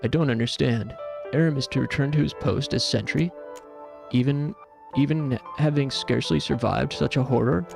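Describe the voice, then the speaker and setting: A man's voice: medium pitch, moderate pace, vocal fry, music in the background, lightly acted. Man playing a troubled, worried father.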